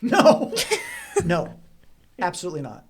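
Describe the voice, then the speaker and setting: A man as a guest in a casual interview, telling stories in an animated, self-deprecating way and laughing easily. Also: high-pitched, unhurried, a crowd in the background. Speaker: guest filmmaker and actor.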